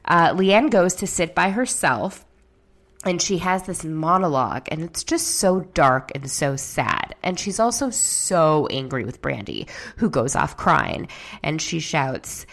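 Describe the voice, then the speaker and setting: A woman's voice: sits low, expressive, a little slow, a bit bright. A woman giving a casual, candid recap of a reality show episode, opinionated, with dry jokes and the odd swear word.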